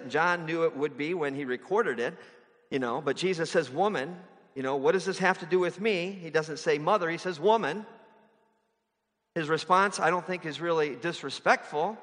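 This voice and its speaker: A man's voice: fairly high pitch, sharp tone. Man preaching in a reverberant hall. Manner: conversational preaching with rhetorical questions. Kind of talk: sermon.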